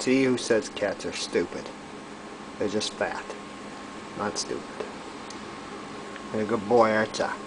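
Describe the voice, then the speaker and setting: Guy talking to his cat real slow, teasing it, loud coaxing then whispery baby talk, faint ac hum. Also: lowish voice. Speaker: cat owner filming his pet. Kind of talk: casual home video talk to a cat.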